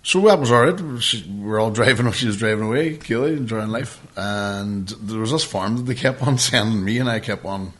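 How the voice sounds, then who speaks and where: A podcast co-host tells a long story in casual chat, swearing and laughing through an animated anecdote. He speaks in a lowish voice at a moderate pace with few pauses.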